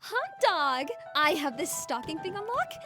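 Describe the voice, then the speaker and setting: A melodramatic young theater-kid actress , voiced by a woman, with a very high voice that leaps all over the place. She exclaims and overplays every line, and music runs beneath the parody clip. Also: very animated, unhurried. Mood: eager. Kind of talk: fan abridged parody acting.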